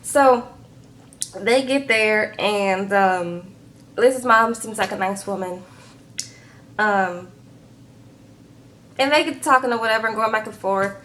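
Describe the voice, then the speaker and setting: A woman's voice: mid-range voice, slow, long pauses, a bit bright, slight background noise, low-quality recording. Sassy chatty woman vlogger. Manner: sassy, chatty, tags lines with "okay?" and "girl". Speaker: YouTube reality-show recapper. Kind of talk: casual recap vlog.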